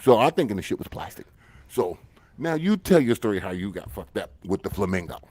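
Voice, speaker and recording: A man co-hosting a casual podcast, telling an animated, profane story. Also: on the low side, fairly quick, no room sound. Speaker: podcast co-host.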